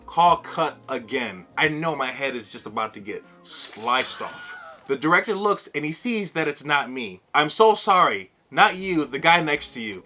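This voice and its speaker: A man speaks straight to his camera in a casual vlog and tells a personal story with animated energy. His voice has a bright, forward edge and a middling pitch. Faint music sits quietly underneath. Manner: animated, acts out other people's lines. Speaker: vlogger.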